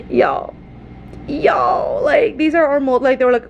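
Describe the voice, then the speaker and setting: A woman, a fourth-grade teacher, vlogging from her classroom with a phone, animated and laughing often, audibly stressed and frustrated. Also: high voice, slow pace, gravelly, pauses often, muffled recording, a little hiss or hum. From Texas. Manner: animated, laughs often, keeps addressing viewers as y'all. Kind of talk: casual classroom vlog. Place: indoor school classroom.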